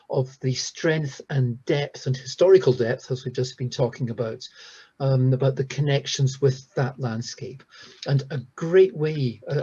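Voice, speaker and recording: A man giving a recorded lecture, talking hesitantly with many pauses and restarts. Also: medium pitch, mellow, husky. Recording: dull lo-fi sound.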